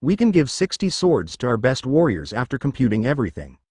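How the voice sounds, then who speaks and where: Brief: cheerful newborn slime girl, innocently blunt, lively pitch, read by a man in his own voice. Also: a little fast, husky, dry recording, clean studio sound. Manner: matter-of-fact, innocently blunt. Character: cheerful naive infant female slime. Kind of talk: fan fiction reading.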